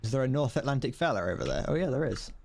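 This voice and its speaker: Lively-voiced man streaming a tank game. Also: medium pitch, racing. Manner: chatty, swearing, laughing, talks to chat. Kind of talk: casual gameplay commentary.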